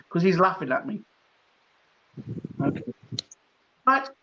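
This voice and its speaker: High-voiced male psychic, chatty. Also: very animated, extremely slow, pushed and bright. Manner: chatty, laughing between readings. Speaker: psychic reader. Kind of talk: live-stream psychic reading. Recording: dull lo-fi stream audio.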